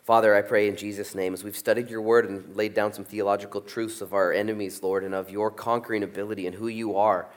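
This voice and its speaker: A middle-aged man preaching a sermon, animated, jumping from loud peaks down to soft asides. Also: on the low side, fast talker, few pauses. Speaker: pastor. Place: church sanctuary.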